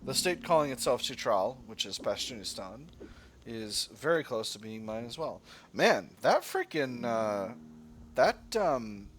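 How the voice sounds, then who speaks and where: A man casually musing his way through a strategy game, filling pauses with ums and uhs. His voice moves up and down in a lively way at a medium pitch. Clear background noise runs under the recording. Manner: musing, rambling with fillers. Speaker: gaming channel host.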